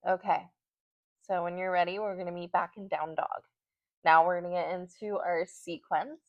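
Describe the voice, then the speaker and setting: A woman's voice: lowish voice, fairly even intonation, normal speed, muffled recording. Breathless woman cueing a yoga flow. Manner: short breath-paced instructions while doing the poses. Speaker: yoga instructor. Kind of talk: guided yoga class cues. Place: home.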